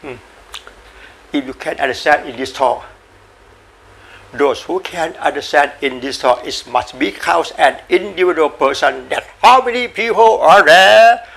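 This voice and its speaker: Gravelly, bright-voiced man giving a dharma talk. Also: fairly high pitch, slight background noise. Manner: repetitive, halting, coughs and says sorry, playful animal sounds. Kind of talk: informal spoken dharma talk.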